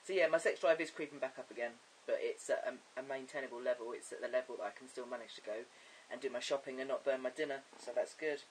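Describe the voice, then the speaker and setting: A man chatting in a casual video diary, his voice deepening and cracking, rambling and giggling as he talks. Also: quick pace, distant mic, slight background noise, low-quality recording. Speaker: vlogger.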